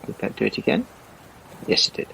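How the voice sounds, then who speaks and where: A man's voice: fairly quick, pushed and bright, a little hiss or hum, low-quality recording. A man playing a tabletop game casually, hesitant with many fillers. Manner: hesitant, lots of "uh". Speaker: player.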